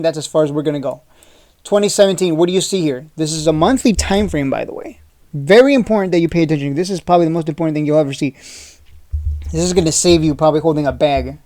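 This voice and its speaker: A man's voice: on the high side, darkish tone. A man hosting a stock market video, walking through a chart in a casual, urgent way, repeating his points and asking rhetorical questions, with frequent "uh" restarts. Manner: loose, chatty with frequent "uh" restarts.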